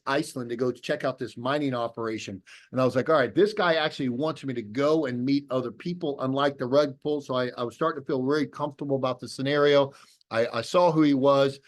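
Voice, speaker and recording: A man's voice: mid-range voice, quick pace. A middle-aged man telling a personal story on a video call, acting out both sides of old phone calls. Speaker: speaker telling his story.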